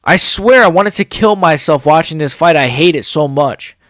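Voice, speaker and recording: A man's voice: on the high side, expressive, moderate pace, no room sound, studio quality. Ranting young man, profane and heated. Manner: profane, heated, swings into shouting. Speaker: MMA commentary YouTuber. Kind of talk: ranting fight reaction.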